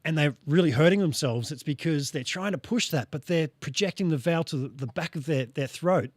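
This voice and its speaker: A man's voice: fairly high pitch, a little fast, dry recording. Podcast host man, dry close sound. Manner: demonstrates vocal sounds while explaining. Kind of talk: casual podcast interview.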